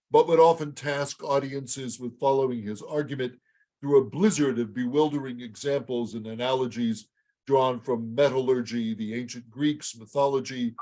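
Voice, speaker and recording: Male lecturer, congested and raspy, reading a measured talk. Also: mid-range voice, a little mellow. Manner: measured, reads quotations aloud. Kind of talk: prepared public lecture.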